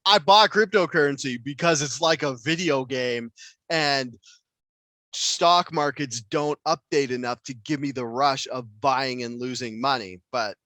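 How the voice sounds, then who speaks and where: A man's voice: medium pitch, measured pace, bright, forceful tone, dry recording. A man co-hosting a podcast, rambling casually and swearing often in loose conversation. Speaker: podcast co-host.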